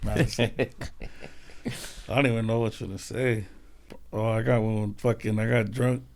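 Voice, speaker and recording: Gravelly-voiced man, laid-back and profane. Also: on the low side, flat delivery, moderate pace, a little mellow, slight background noise. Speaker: guest, host's cousin. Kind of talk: casual chat.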